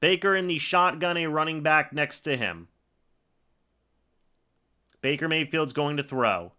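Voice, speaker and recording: This sports reaction streamer has a highish voice, a bit slow, pushed and bright. He narrates every play the way commentary would, fuming at the refs in frustration.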